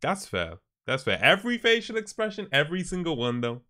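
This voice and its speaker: A man's voice: fairly high pitch, sing-song, a little fast, bright, forceful tone. Laid-back male livestreamer, chatting to viewers. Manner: laid-back, chuckling, talks to chat. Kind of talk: casual chat, reacting to viewer posts. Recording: stream with faint background music.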